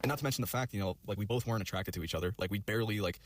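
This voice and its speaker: Young guy, very fast talker with a lowish voice, rambling storyteller who swears constantly. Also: no echo. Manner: rambling, heavy on fillers and profanity. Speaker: storyteller in a video clip.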